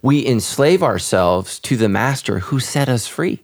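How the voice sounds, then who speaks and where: A man's voice: mid-range voice, lively intonation, measured pace. A man who is a pastor and podcast host, talking earnestly, often repeating words and restarting. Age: adult with children. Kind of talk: casual podcast conversation.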